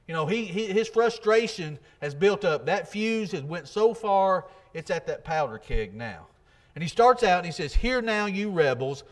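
High-voiced preacher, earnest. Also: male voice. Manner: earnest, rhetorical questions, folksy grammar. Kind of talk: sermon.

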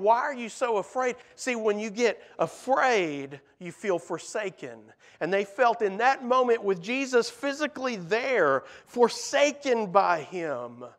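A man preaching a sermon in a church, earnest and repetitive, his voice dropping soft at the ends of phrases. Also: sits high. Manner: earnest, repeats words in lists, voice drops soft at phrase ends. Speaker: pastor.

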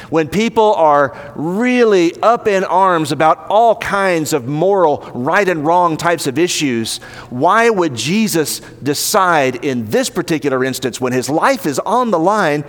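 A man preaching a sermon as pastor, emphatic and rising in pitch to stress his points. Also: a bit bright. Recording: long hall reverb.

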